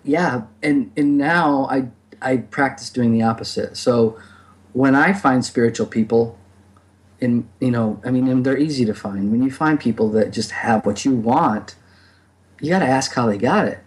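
A man's voice: mid-range voice, moderate pace. A man speaking reflectively in a casual podcast conversation, with many fillers and restarts. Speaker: podcast guest.

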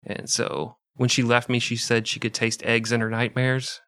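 A man from the American Midwest co-hosting a comedic history podcast, telling the story with deadpan, crude tangents. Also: medium pitch, moderate pace, clear, resonant tone, no room sound, clean studio sound.

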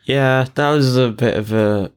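A man's voice: medium pitch, a little slow, clean tone. A young man from England co-hosting a podcast, musing hesitantly with dry, self-deprecating humor. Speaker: podcast co-host. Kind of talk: casual podcast chat.

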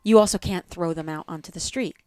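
A woman from New Jersey with a New Jersey accent talks in a smooth, resonant voice that sits a little low. She sounds reflective and spiritual as she speaks, and the sound is close and dry with no room echo. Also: a little fast, a little mellow. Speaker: guest. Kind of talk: casual podcast conversation.

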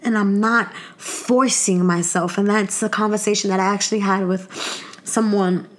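A woman's voice: medium pitch, steady tone, moderate pace. A young woman with a New York accent hosting a personal podcast monologue, talking candidly and emotionally, close to tears, with many fillers and restarts. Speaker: podcast host.

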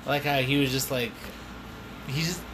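A man's voice: medium pitch, steady tone, normal speed, fairly bright tone, a little hiss or hum, poor audio. A man hosting a casual podcast chat, joking around loosely and swearing freely.

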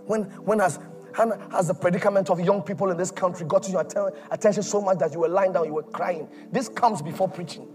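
Impassioned high-voiced male preacher. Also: a little fast, faint music behind. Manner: impassioned, repetitive, swings from loud to hushed. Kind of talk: sermon.

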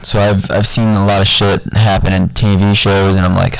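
A man's voice: sits low, little pitch movement, normal speed, vocal fry, dry recording, rough recording. A young man talking in a rambling, profane, unfiltered casual monologue.

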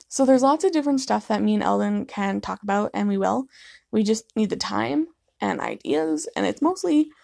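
A woman's voice: on the high side, expressive, unhurried, gravelly, darkish tone, dry recording, clean studio sound. Sleepy young woman podcasting late at night. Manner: rambling, apologetic, laughs often. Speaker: podcast host. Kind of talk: casual solo podcast chat. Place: living room at home.

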